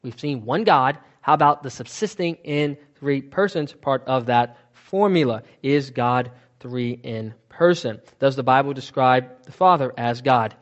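A man's voice: mid-range voice, measured pace, few pauses, dull audio. A man teaching from the Bible in a sermon, asking questions and answering them himself, stressing key words.

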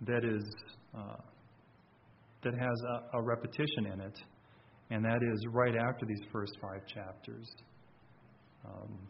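A man's voice: medium pitch, highs cut off. A man preaching a sermon in a conversational way, often restarting and repeating words. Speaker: pastor.

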